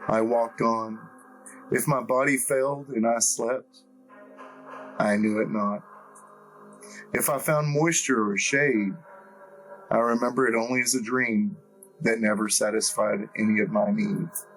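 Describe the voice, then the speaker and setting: A man reading a first-person story as an audiobook narrator, in a measured, deliberate way. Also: medium pitch, fairly even intonation, a bit bright, faint music behind, low-quality recording.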